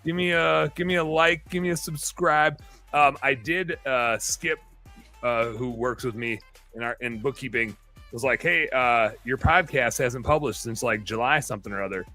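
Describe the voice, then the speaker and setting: A man's voice: medium pitch, normal speed, bright, forceful tone, soft background music. A man in his thirties hosting a podcast, rambling and self-mocking in casual banter. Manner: rambling, self-mocking, reads aloud in a jokey tone. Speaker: podcast host.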